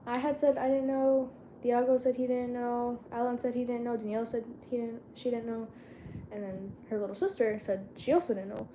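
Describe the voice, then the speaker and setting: A woman's voice: fairly high pitch, little pitch movement, a little fast, mellow, a little hiss or hum. A teenage girl vlogging in a casual chat, rambling and slangy and often losing her train of thought.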